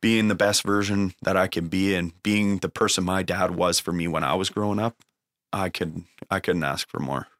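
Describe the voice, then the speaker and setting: A man's voice: sits low, normal speed, fairly bright tone, dry recording. A young man telling an emotional recovery story in a casual way, swearing freely and using lots of fillers. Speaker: guest sharing a recovery story.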